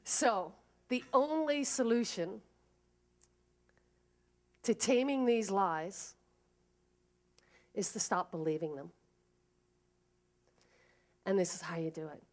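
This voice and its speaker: A woman's voice: medium pitch, takes it slowly, long pauses. A woman speaker giving an inspirational talk at a spiritual service and leading the congregation in an affirmation. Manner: lively, leads the congregation in an affirmation.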